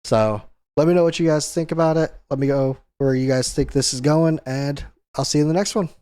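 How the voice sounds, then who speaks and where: A man's voice: fairly high pitch, a little fast, a little mellow, clean tone, dry recording. A young adult man hosting a casual comic chapter recap, talking loosely and chuckling often. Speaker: host.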